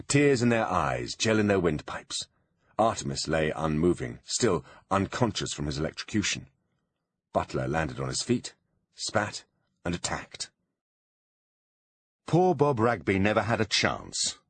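A man narrating a storybook audiobook in an animated, dramatic reading. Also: sits low, breathy edge, dry recording.

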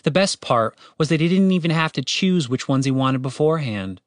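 A man's voice: fairly high pitch, brisk, no room sound. Male narrator with a dry close sound. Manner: steady, wry storytelling with casual swearing. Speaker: audiobook narrator. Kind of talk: scripted fantasy audiobook narration.

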